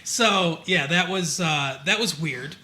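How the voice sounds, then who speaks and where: A man's voice: on the high side, slow, bright, forceful tone. A man from Michigan co-hosting a podcast, rambling through a TV episode with many fillers and acting out the scenes. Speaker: podcast co-host. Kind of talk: casual chat about a TV show.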